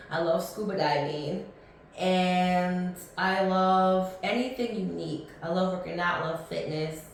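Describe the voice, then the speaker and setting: A thirty-year-old woman hosts a casual solo podcast in a lowish, slightly bright voice, chatty and blunt. She rambles with many ums and restarts. The mic sits at a distance in an echoey room, with slight background noise.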